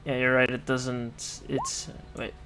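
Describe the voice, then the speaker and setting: A man's voice: mid-range voice, little pitch movement, slow pace. A man running a tabletop game as game master, rambling and swearing casually while he sets up the map.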